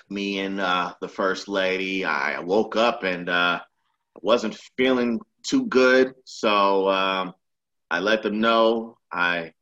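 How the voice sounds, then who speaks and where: A man putting on a slow, halting impression of an older male politician who keeps insisting he feels better, full of ums and pauses. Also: low voice, sharp tone, highs cut off, pitched below the performer's own voice, heavily acted.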